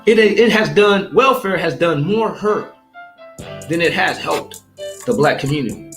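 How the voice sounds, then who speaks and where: A man preaches in a heated, combative rant, cursing freely and mocking his opponents. His pitch leaps around with lively swings as he presses his points. The voice rings in an echoey room while faint music plays behind. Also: measured pace.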